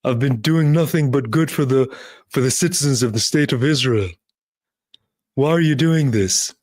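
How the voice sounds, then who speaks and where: A man's voice: medium pitch, normal speed, a little mellow, no room sound, studio quality, natural voice. A man putting on the voice of a weeping, indignant older male politician, pleading in a tearful outburst.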